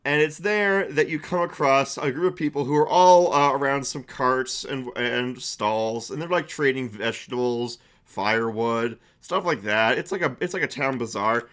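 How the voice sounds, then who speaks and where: A man's voice: medium pitch, moderate pace, few pauses, a bit bright. Chatty male streamer running a tabletop game. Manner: chatty, laughing, full of fillers.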